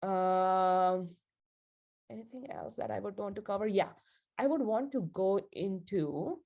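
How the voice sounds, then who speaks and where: A woman's voice: medium pitch, a little slow, vocal fry, muffled recording. A woman leading a spiritual group session, telling a story in a chatty, casual way with frequent laughs. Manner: chatty, laughs often, many fillers like "like".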